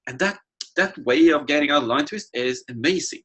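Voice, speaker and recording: A man talking as a guest in a casual chat, his voice bright and forward. He tells stories with energy and acts out what people said. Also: fairly high pitch, a little fast, husky, poor audio. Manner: lively storyteller, acts out quotes. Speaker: guest, wingsuit flyer.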